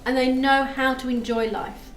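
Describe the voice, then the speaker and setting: Chatty high-voiced woman reading tarot live. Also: little pitch movement, normal speed. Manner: chatty, reads chat aloud, thanks viewers. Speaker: tarot reader streamer. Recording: echoey room with faint music.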